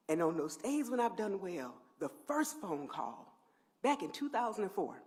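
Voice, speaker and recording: Speaking into a podium microphone at a press event, a deep-voiced middle-aged woman who leads a housing agency gives a heartfelt speech. Her thanks move between near-whispers and loud, emphatic peaks.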